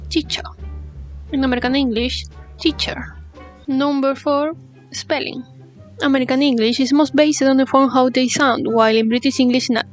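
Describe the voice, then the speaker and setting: A woman's voice: high voice, steady tone, a little fast, faint music behind. A woman whose first language is Spanish, reading a scripted English lesson and carefully reading out paired example sentences. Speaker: English teacher.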